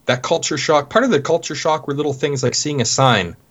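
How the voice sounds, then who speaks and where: A Canadian man, a guest in an interview, telling stories in a relaxed way with plenty of "you know" fillers. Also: fairly high pitch, fairly quick, muffled recording. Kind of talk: casual interview talk.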